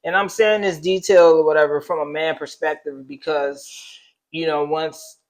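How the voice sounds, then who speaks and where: A young man with a slightly high voice tells a personal story in a relaxed chat. He talks earnestly, with many fillers, and turns to faith as he reflects. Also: moderate pace, low-quality recording. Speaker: co-host. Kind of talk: casual couple storytelling.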